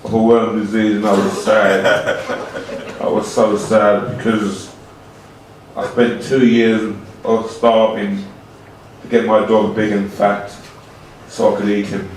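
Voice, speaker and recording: A man delivering an absurd comic monologue in a slow, rambling, deadpan way with broken grammar, heard from a distance in an echoey room. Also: lowish voice, a little hiss or hum. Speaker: comedian.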